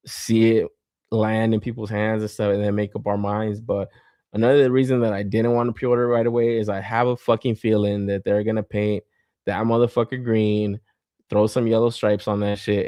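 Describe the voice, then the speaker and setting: A man's voice: lowish voice, a little mellow, no echo, clean studio sound. A man hosting a podcast in a casual, rambling chat who laughs a lot and swears constantly. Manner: loose and rambling, with many fillers. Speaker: podcast host.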